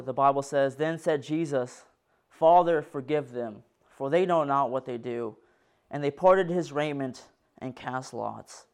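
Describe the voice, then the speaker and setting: A man's voice: a little high, clean tone. A man preaching a sermon, reading Bible passages aloud with earnest, rising and falling force.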